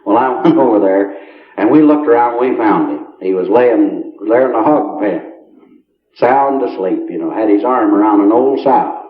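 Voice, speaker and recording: A man's voice: lowish voice, lively intonation, moderate pace. A man telling folksy country jokes on stage, chuckling as he spins his yarns. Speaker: country humorist. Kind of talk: stand-up storytelling. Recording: roomy, muffled late-1970s live recording.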